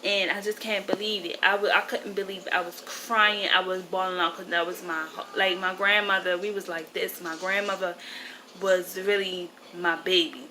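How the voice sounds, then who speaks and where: Her mid-range voice is bright and forceful, though the audio is poor with a little hiss or hum. She's a vlogger in her twenties, emotional and grieving, rambling through a personal story to camera and frequently correcting herself.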